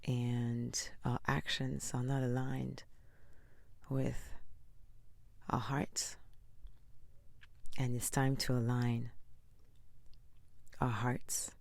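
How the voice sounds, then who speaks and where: A woman talking to camera in a casual motivational vlog, earnest and inspirational, sometimes dropping into soft whispers. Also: a bass voice, little pitch movement, very slow, creaky, long pauses, dry recording. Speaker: vlogger.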